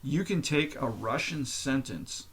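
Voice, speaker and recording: A man's voice: mid-range voice, lively intonation, measured pace, fairly bright tone, husky. Man rambling casually on a podcast. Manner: candid and profane, explains at length with fillers. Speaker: podcast host. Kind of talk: casual solo monologue.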